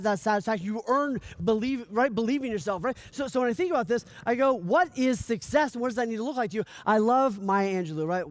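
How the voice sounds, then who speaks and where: A man giving a motivational coaching speech, energetic, often asking "right?" and acting out little dialogues. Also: high voice, no room sound. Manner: energetic, repeats "right?" often, stammers on restarts; acts out dialogue in lively voices. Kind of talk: motivational talk.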